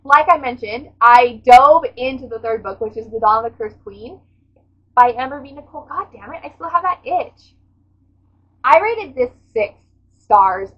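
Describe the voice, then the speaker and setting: A woman's voice: high-pitched, lively intonation, normal speed, a bit bright, rough recording. Gushing, dramatic woman book vlogger. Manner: gushing, dramatic, swears freely. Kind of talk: casual reading recap.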